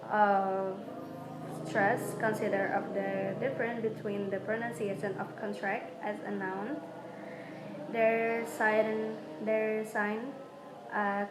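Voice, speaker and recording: A young student whose first language is Indonesian reads her prepared exam answers aloud in a medium pitch. Her delivery comes in short, halting phrases that often stumble, with background noise behind her.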